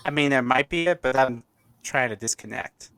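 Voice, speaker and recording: A man's voice: mid-range voice, moderate pace, fairly bright tone, clean tone. Upbeat chatty man hosting a stream. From Colorado, United States. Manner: chatty and upbeat, laughs often. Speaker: host. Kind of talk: casual livestream chat.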